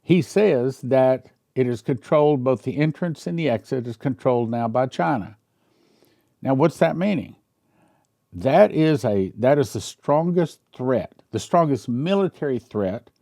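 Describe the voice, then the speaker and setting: A man's voice: mid-range voice, expressive, measured pace, vocal fry, warm tone, no room sound. Emphatic male pastor, dry close sound. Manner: emphatic, rhetorical questions, chuckling asides. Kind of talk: casual commentary.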